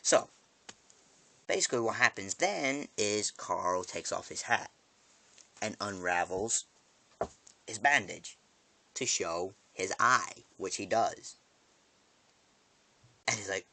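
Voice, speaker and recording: A man's voice: lowish voice, expressive, sharp tone, no echo. A man vlogging a casual, rambling episode recap, swearing freely and breaking off into asides and restarts. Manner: profane, quick restarts and asides.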